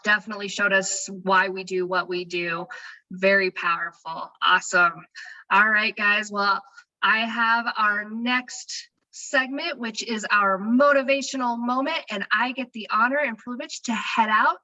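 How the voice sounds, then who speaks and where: A woman's voice: medium pitch, fairly even intonation, unhurried, bright, forceful tone, low-quality recording. A woman hosting a team video call, upbeat and effusive. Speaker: host.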